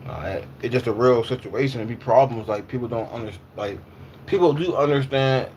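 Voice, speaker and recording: A man in his twenties or thirties talks loosely on a livestream, repeating phrases and reacting to chat in slangy everyday speech. His pitch sits in a middling range, and a faint hum runs under the recording. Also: a little fast, a little mellow.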